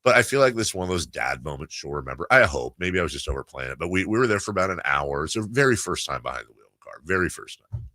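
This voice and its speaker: A middle-aged man hosting sports talk radio, telling stories in a casual, animated way. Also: deep voice, very fast, dry recording. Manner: animated storyteller, puts on voices in quotes. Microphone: studio microphone.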